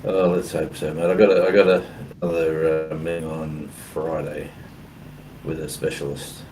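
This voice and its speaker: A man's voice: rumbling low, level tone, moderate pace. An Australian man co-hosting a live stream, chatting in an easygoing, rambling way with blokey slang. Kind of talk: casual online chat. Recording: hissing mic with background noise.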